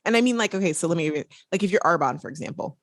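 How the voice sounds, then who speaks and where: A woman hosting a podcast, chatting casually and playfully, with quick asides. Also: lowish voice, expressive, no echo, clean studio sound. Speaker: podcast host.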